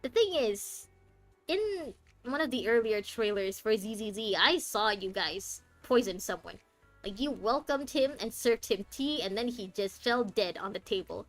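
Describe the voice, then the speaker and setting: Young woman gamer rambling and joking while she plays, slightly high voice, soft game music behind. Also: lively intonation, measured pace, dry recording. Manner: chatty, joking, self-interrupting. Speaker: streamer. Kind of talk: casual gaming commentary. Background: faint game music.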